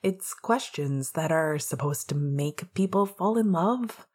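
A woman's voice: sits low, lively intonation, slow, darkish tone, breathy edge, full character voice. A woman doing a brash teenage wizard boy. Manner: brash, playful, swearing.

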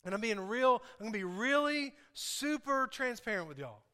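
High, bright-voiced man preaching earnestly. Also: very animated, moderate pace. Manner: earnest, repeats phrases for emphasis; confessional, talks straight to the congregation. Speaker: pastor. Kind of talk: sermon.

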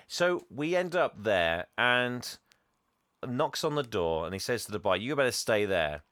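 A man's voice: medium pitch, big pitch swings, a little slow, fairly bright tone, smooth, dry recording, studio quality. A man co-hosting a casual chat, playfully retelling a film's plot and quizzing his co-host. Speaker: podcast co-host retelling a film.

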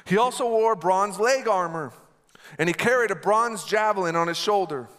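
A man's voice: sits high, normal speed, a bit bright. A man delivering an emphatic sermon as pastor, repeating lines and asking the congregation to answer back. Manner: emphatic, repetitive, call-and-response.

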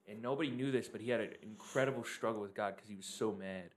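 A man co-hosting a church podcast tells a personal story. He speaks in a relaxed, heartfelt way with casual fillers. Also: lowish voice, quick pace.

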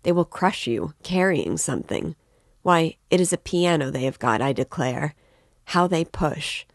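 A woman's voice: sits low, expressive, a little slow, gravelly, dry recording, clean studio sound, exaggerated voice. A woman reading the part of an anxious, talkative middle-aged mother in a novel. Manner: worried, talkative.

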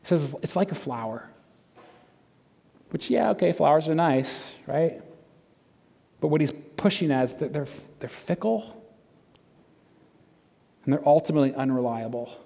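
A middle-aged man preaching a sermon in a conversational, animated way, with frequent fillers and restarts. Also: fairly high pitch, unhurried, gravelly, pauses often, breathy edge, long reverb tail. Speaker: pastor.

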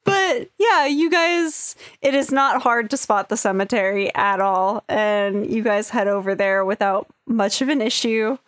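A woman's voice: a little high, measured pace, few pauses, no room sound, clean studio sound. A young woman narrating as dungeon master in a casual, easygoing way. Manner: casual, easygoing, uses fillers like "like". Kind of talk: narrating a tabletop game.

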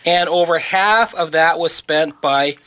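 A man's voice: a little high, unhurried, sharp tone, clean tone. A man co-hosting a radio talk show who explains things step by step and walks through figures from a book. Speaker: radio co-host. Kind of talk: casual radio chat.

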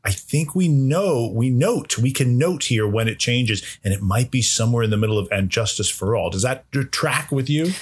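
Brief: a playful male comedy podcast host, husky voice, animated delivery. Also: medium pitch, normal speed, hardly any pauses. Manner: playful, mock-announcer flourishes.

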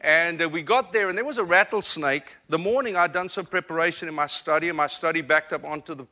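A man with an African accent preaches as a guest speaker, and his voice rings bright and sits a little high for a man. He speaks earnestly and pokes fun at himself. He often repeats words as he builds toward a point. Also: quick pace. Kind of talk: sermon with storytelling.

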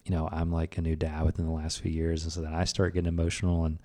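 Male podcast host, very low voice, eager and chatty, casual interview. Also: completely flat delivery, fast, mellow. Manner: enthusiastic, rambling with fillers.

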